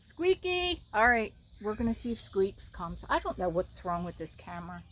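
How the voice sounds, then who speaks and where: A woman's voice: brisk, a little mellow, slight background noise. A woman chatting casually to her viewers while outdoors in her yard, filmed on a camera on a tripod, with birds chirping behind her. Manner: chatty, addresses viewers, calls her pet in a high sing-song. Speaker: vlogger. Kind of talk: casual vlog chat.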